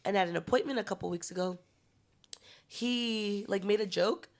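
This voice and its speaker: A young woman co-hosting a podcast, telling a story in a lively way, swearing freely and laughing often. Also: medium pitch, normal speed. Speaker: podcast co-host. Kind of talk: casual chat.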